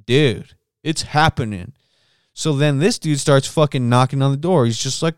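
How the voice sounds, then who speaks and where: A man's voice: mid-range voice, moderate pace, smooth, no room sound, studio quality. Profane ranting male podcast host. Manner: profane, animated storytelling. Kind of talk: solo casual rant.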